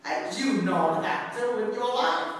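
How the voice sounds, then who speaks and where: A priest giving a joking, animated homily, teasing the congregation and restarting words as he goes. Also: sits high, normal speed. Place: church. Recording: echoey church hall from far off.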